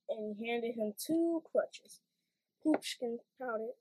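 A woman reading a children's storybook aloud in an expressive, playful way. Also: mid-range voice, slow, slightly rough, poor audio.

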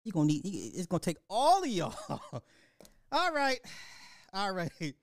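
A man's voice: high-pitched, wildly swooping pitch, unhurried, no echo, clean studio sound. A man ranting casually to his viewers in a movie review, swearing freely and laughing often between lines. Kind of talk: casual profane rant to camera.

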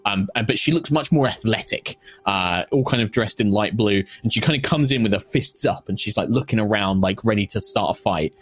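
A man's voice: on the low side, brisk, hardly any pauses, slightly rough. A man narrating a tabletop game as game master, rambling with many fillers. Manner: rambling, filler-heavy description.

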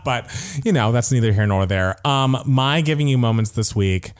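Chatty, excitable male podcast co-host. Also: mid-range voice, normal speed, clear, resonant tone. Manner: enthusiastic, laughs often, says "like" a lot. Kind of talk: casual chat.

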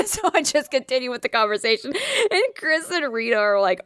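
A woman's voice: high voice, fairly quick, hardly any pauses, fairly bright tone, smooth, no echo, studio quality. A woman telling a workplace story in casual chat, blunt and swearing often, acting out what people said.

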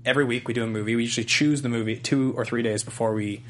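A man rattling through a casual movie podcast at a brisk clip, talking at length and explaining as he goes. His voice sits at an ordinary middle pitch for a man. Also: fairly even intonation, slight background noise. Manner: quick, chatty, explains at length. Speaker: podcast host.

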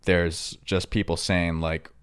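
Young male podcast host with a New York accent, lowish voice, rambling and loose with sudden loud bursts. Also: takes it slowly, clean tone. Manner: rambling and filler-heavy, breaking into loud excited outbursts. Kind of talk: casual chat.

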